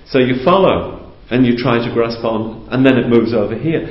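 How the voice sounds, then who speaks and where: A man giving a calm, conversational teaching talk to a group, explaining patiently and asking rhetorical questions. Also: mid-range voice, moderate pace, hardly any pauses. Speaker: spiritual teacher. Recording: roomy, dull lo-fi recording.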